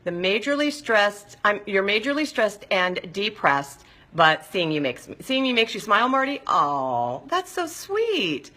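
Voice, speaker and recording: A middle-aged woman hosting a live stream, reading viewer comments in a warm, effusive, encouraging way. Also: mid-range voice, animated, measured pace, hardly any pauses. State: hot and sweaty, sighing.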